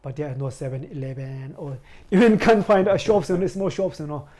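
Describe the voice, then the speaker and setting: A man in his forties from India, a Buddhist lama, telling his life story in a halting way, searching for words and often saying "you know". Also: a little high, fairly even intonation, dark tone. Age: 40s. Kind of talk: personal storytelling interview.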